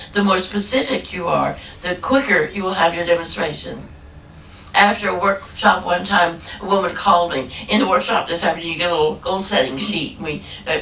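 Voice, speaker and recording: A woman's voice: on the low side, bright, forceful tone, a little hiss or hum. Emphatic woman preaching in an echoey hall. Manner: humorous, emphatic, drawn-out phrases. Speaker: guest minister. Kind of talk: sermon. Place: church hall. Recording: echoey hall from a distance, faint ambience.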